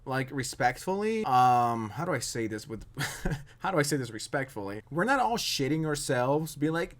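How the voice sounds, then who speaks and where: A man's voice: a little high, sing-song, normal speed. A man ranting in a sarcastic, mocking tone as a commentary YouTuber.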